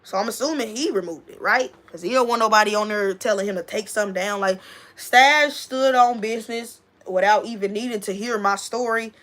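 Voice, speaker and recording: A woman's voice: medium pitch, a little fast, a bit bright. A woman, talking casually and emphatically to her livestream viewers, repeating her points and addressing a friend directly. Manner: emphatic, repeats herself, talks straight to a friend. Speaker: livestream host.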